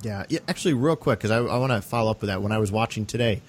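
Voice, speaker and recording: A man hosting a podcast, talking through a film in an earnest, animated way and often checking for agreement. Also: lowish voice, very fast. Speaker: podcast host. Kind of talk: casual film discussion.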